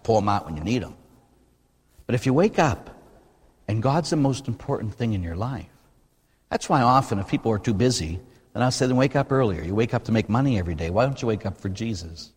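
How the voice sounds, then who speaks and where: A man, a priest, preaching a sermon in an animated, conversational way full of rhetorical questions. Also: medium pitch, slightly rough. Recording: long reverb in a large hall.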